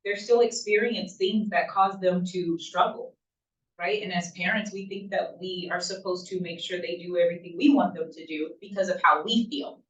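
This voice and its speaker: A woman's voice: fairly low pitch, steady tone, moderate pace. A woman presenting a talk to a group of parents, speaking conversationally and often checking in with "right?". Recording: roomy, distant, dull lo-fi room sound.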